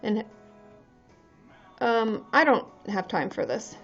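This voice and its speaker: A woman's voice: mid-range voice, sing-song, slow pace, soft background music. Candid woman therapist on a lo-fi livestream. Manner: candid, chatty, swears freely, laughs often. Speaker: licensed therapist hosting a livestream. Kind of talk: casual live-stream chat. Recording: dull lo-fi live-stream audio.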